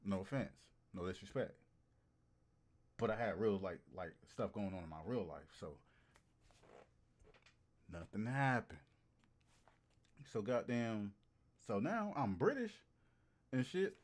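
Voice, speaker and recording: A male streamer talks straight to his chat in a loose, slangy, profane way. His pitch swoops up and down a lot, and he repeats lines over and over for emphasis. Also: takes it slowly, pauses often. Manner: animated and repetitive, repeating phrases for emphasis. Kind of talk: casual chat to a livestream audience.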